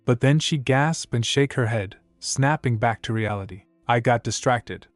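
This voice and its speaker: A man's voice: medium pitch, normal speed, no room sound, soft background music. Man narrating a story recap. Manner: steady storytelling.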